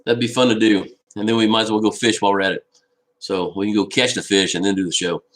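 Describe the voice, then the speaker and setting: A man's voice: lowish voice, little pitch movement, fast, fairly bright tone, rough recording. A man hosting a casual fishing live stream from home, rambling and answering viewer comments aloud into a laptop microphone. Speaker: fishing channel host. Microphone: laptop built-in microphone.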